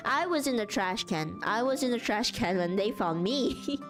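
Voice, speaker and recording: A woman's voice: on the high side, animated, a little slow, music in the background. A woman chatting casually on a live stream, rambling and laughing often.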